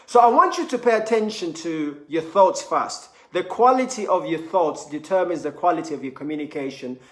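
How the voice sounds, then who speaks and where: A man giving an energetic motivational talk, often repeating words and acting out cheerful quoted voices. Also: on the high side, normal speed, reverberant. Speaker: motivational speaker.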